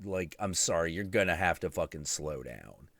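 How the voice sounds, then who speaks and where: A man's voice: low-pitched, animated, normal speed, a bit bright, no room sound, clean studio sound. A man hosting a live stream, chatting casually in a rambling, profane, self-mocking way. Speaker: stream host.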